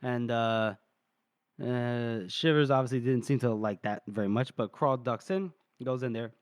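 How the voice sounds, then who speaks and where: In a clear, resonant mid-range voice, a podcast co-host goes over a book chapter somewhat slowly, rambling casually with plenty of fillers and a stray swear word. The recording is dry and studio quality.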